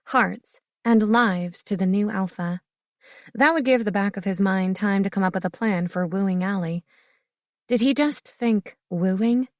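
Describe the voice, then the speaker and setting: A woman reading an audiobook narration in a steady, expressive way. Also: medium pitch, no echo, clean studio sound. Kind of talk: scripted narration.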